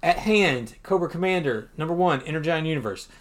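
A man's voice: a little high, expressive, fairly quick. A man co-hosting a podcast, chatting casually through a comic book recap and often laughing. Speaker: podcast co-host.

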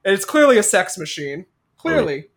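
Female co-host, mid pitch, sarcastic, playful storyteller. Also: sing-song, moderate pace, slightly rough. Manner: joking, sarcastic, acts out lines. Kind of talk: casual movie discussion.

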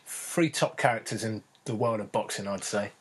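A man's voice: lowish voice, moderate pace, a little hiss or hum. A man co-hosting a podcast, doubting his co-host's stories with dry, teasing humour. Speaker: podcast co-host. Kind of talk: casual chat.

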